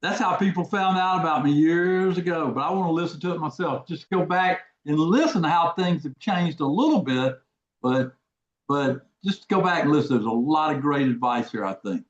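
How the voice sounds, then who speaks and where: Folksy male trading host, slightly high voice, roomy lo-fi call audio. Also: expressive, normal speed. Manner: folksy, repetitive, asks the audience questions. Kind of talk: casual live webinar talk. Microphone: video call. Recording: echoey, dull lo-fi audio.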